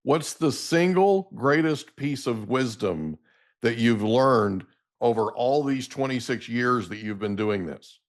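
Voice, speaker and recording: A man's voice: mid-range voice, lively intonation, slow pace. Enthusiastic middle-aged male podcast host. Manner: enthusiastic, affirming interviewer. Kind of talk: casual interview chat.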